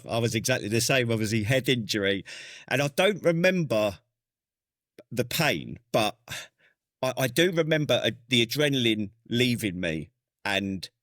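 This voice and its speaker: A man's voice: medium pitch, lively intonation, moderate pace, long pauses, fairly bright tone, no echo, studio quality. A man hosting a veterans' podcast, chatting casually with his guest, swearing and chipping in with short agreements. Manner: laid-back, swears, chips in with short agreements. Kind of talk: casual chat.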